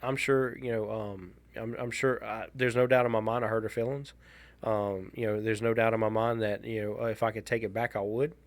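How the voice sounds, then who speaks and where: A man with a drawl tells a long personal story on a casual podcast. His pitch sits in the middle of the male range. He stops and restarts his sentences often, and his tone stays candid and dryly wry. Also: no echo. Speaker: podcast co-host.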